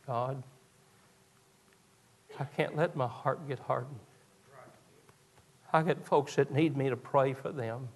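A male pastor, preaching a sermon that moves from quiet storytelling to raised, fervent preaching. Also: mid-range voice, steady tone, slow, pauses often.

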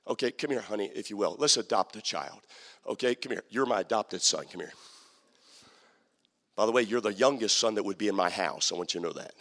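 A man preaching a sermon as pastor, swinging from quiet talk to shouted preaching. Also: medium pitch, in a large hall. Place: church sanctuary.

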